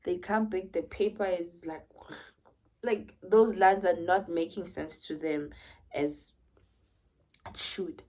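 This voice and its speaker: A young woman with a South African accent telling a personal story in an animated way, often dropping to a whisper. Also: fairly low pitch, takes it slowly, pauses often. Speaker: vlogger.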